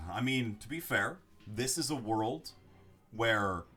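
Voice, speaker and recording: A man streaming himself, reading a story game aloud in a measured way with lively asides. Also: mid-range voice, breathy edge.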